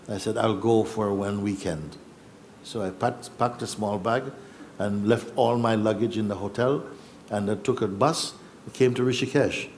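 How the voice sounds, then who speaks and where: Middle-aged male spiritual teacher, low voice, unhurried storyteller who chuckles and acts out voices, faint room noise. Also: a little mellow. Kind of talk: storytelling talk at a gathering. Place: yoga festival gathering.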